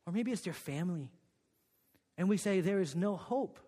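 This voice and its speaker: A man preaching a sermon, telling a personal story with many "okay?" and "right?" asides, dropping to a hush and then rising with emphasis. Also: sits high, animated, normal speed, in a large hall. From Korea. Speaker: pastor.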